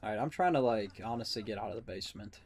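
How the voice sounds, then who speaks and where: A man's voice: lowish voice, expressive, vocal fry, a little mellow, husky. Teasing man casting a game. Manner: joking, teasing, quick asides. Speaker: caster and player. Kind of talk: casual game commentary.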